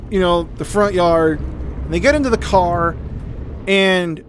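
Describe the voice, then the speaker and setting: A man's voice: high-pitched, slow pace, slight background noise. A man streaming a game, telling a long, rambling, profane story in casual chat. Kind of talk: casual storytelling while gaming.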